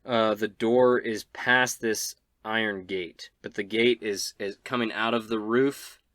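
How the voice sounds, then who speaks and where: Low-voiced male game master. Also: no room sound, studio quality. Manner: relaxed, halting, with many fillers. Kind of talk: narrating a tabletop game.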